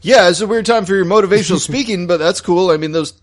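A man voicing a panicky young man fleeing a killer in a tabletop horror game, frantic and swinging up high. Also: fast talker, natural voice. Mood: panicked.

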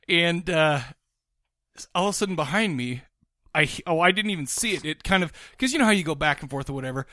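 A man's voice: on the high side, lively intonation, fairly quick, pushed and bright, dry recording, clean studio sound. A man co-hosting a podcast, telling a rambling story in casual chat, full of restarts and laughter. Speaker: podcast co-host.

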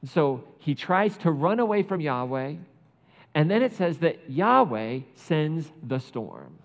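A man giving a casual, conversational sermon, animated and chatty, laughing often and saying "like" a lot. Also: a little high, slow pace. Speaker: preacher. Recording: muffled sound with long hall reverb.

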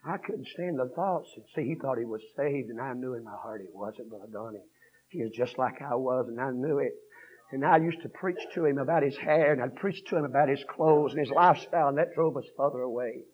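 A man preaching a revival sermon, swinging from hushed storytelling to shouted 'uh'-punctuated cadences. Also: medium pitch, brisk. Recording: dull lo-fi sermon recording.

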